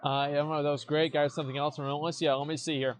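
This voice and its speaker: A man's voice: a little high, level tone, fast. A young man streaming as he reacts to forum posts, blunt and mocking, cursing freely and restarting his sentences with repeated words. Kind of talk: casual commentary.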